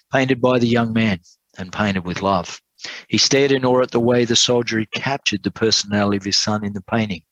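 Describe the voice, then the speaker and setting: A man preaching, telling an illustration story in an earnest way and slowing down for emphasis. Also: fairly low pitch, fairly bright tone, no echo, poor audio. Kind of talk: sermon storytelling.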